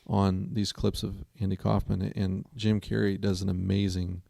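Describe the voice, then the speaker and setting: A man's voice: low voice, little pitch movement, moderate pace, gravelly, mellow, dry recording, studio quality. A man co-hosting a casual talk show who tells stories in an earnest, rambling way. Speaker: co-host. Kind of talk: casual chat.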